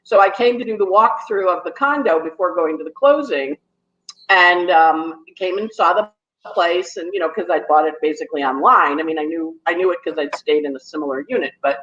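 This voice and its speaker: A woman astrologer tells a story in a casual, quick way and acts out the voices of the people in it. Her voice comes over a dull phone line. The room around her is echoey. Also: low-pitched, fairly bright tone. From New York. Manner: talks fast when nervous, acts out quotes. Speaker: astrologer guest. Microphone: phone on a call.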